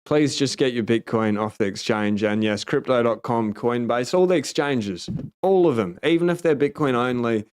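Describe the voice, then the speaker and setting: An Australian man hosts a loose livestream and talks straight to his viewers. He is blunt and emphatic and swears freely. His voice is smooth and resonant at an ordinary middle pitch. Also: normal speed, darkish tone. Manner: blunt, heavily profane and emphatic. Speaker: livestream host. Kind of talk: casual livestream chat, reading viewer comments.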